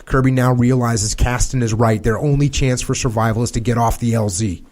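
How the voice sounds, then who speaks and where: A man reads a battlefield account aloud, steady and grave, at a middle pitch. He keeps the pace measured and sometimes trips and restarts a word. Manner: measured, grave reading with small slips and restarts. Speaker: podcast host. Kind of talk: reading a war account aloud.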